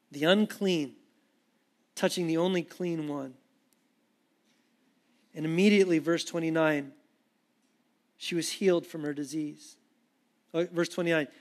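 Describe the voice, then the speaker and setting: A man preaching a sermon with animated, conversational storytelling. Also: fairly high pitch. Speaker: pastor.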